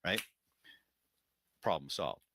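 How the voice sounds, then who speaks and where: A man teaches a webinar, telling his points as animated stories and using frequent fillers. His voice sits low but swings widely in pitch and has a bright edge. The sound is dry and close. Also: slow pace, no echo. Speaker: webinar instructor. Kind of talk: conversational teaching with anecdotes.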